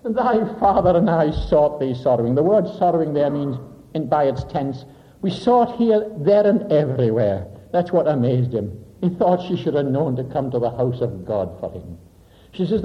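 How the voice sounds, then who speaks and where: A man preaching a sermon with dramatic delivery, sinking to a soft low voice for emphasis and explaining Greek words. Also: big pitch swings, moderate pace. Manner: expounds Greek word meanings. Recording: dull lo-fi recording.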